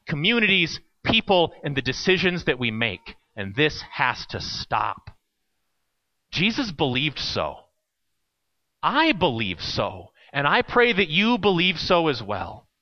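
A pastor preaches an earnest sermon, dramatically telling a personal story and acting out the people in it. His voice is medium in pitch, and the sound is lo-fi.

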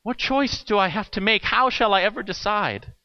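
A man's voice: high-pitched, normal speed, dull audio, close to an everyday voice. A man voicing an anxious traveler on a bridge who pleads with strained, exasperated questions. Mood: torn.

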